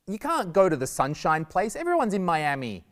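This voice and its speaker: Animated Australian man in a reverberant hall. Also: high voice, normal speed. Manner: animated, jokey, acts out quoted voices. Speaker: comedian giving a guest lesson. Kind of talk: lively stand-up style talk to students.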